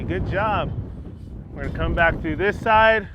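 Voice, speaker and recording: Man, slightly high voice, calm horse trainer who praises and explains steps, dull lo-fi sound with faint outdoor noise. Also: unhurried. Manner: calm, praises the horse often while explaining each step. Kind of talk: hands-on training demonstration. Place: outdoors at a paddock gate.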